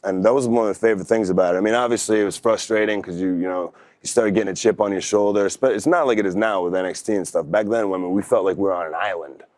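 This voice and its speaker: Man, young adult, very low voice, dry close sound; easygoing guest who rambles through anecdotes. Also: fast, darkish tone, dry recording. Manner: laid-back, rambling, full of fillers. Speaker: podcast guest. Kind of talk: casual storytelling.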